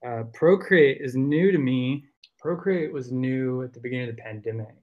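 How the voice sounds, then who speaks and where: A man's voice: medium pitch, normal speed, narrow, tinny audio. Southern guy chatting on a podcast, lots of ums and restarts, rambles along. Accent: Southern American. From American South. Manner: rambling, full of fillers and restarts. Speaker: podcast guest, artist. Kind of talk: casual podcast chat.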